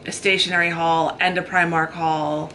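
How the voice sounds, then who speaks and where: A woman's voice: fairly low pitch, flat delivery, normal speed, bright, forceful tone, slight background noise, poor audio. An American woman in her thirties chatting at length in a casual, rambling way while getting ready in a hotel room. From United States. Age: 30s. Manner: chatty, talks in long run-on thoughts. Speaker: vlogger. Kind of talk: casual chat.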